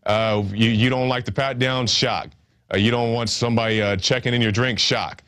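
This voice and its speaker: A man's voice: mid-range voice, steady tone, moderate pace, a bit bright, clean tone. A man hosting a news show, giving sarcastic, rambling commentary with many fillers. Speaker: news host.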